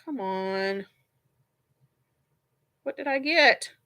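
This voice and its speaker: A woman's voice: a little high, expressive, extremely slow, sharp tone. A middle-aged woman hosting a crochet livestream, chatting casually and rambling with viewers and laughing often. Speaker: crochet channel host.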